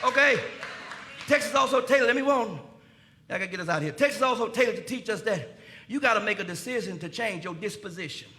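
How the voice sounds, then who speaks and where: Man, pastor preaching in church, very high voice, sharp ringing tone, folksy, rises to shouting. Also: expressive, fast. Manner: folksy preaching, talks to the congregation, builds to shouting. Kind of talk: preaching a sermon. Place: church sanctuary.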